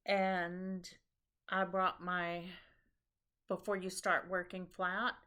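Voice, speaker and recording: A woman chatting casually as a knitting show host, tired and a bit scattered. She talks at an unhurried, slow pace, rambling and pausing with ums and restarts. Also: lowish voice, level tone, bright, forceful tone, clear, resonant tone. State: tired after a long trip. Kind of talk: casual chat about knitting projects.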